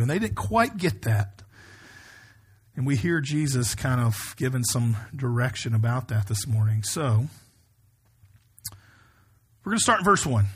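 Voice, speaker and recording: A pastor preaching a sermon, reading scripture aloud and explaining it in a conversational, emphatic way. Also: male voice, mid-range voice, big pitch swings, measured pace, long pauses, breathy edge.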